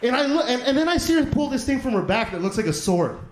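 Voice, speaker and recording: High-voiced man telling a stand-up story. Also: very animated, fast talker. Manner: rambling, profane, self-mocking storytelling. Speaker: stand-up comedian. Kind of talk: stand-up set. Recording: echoey comedy club stage.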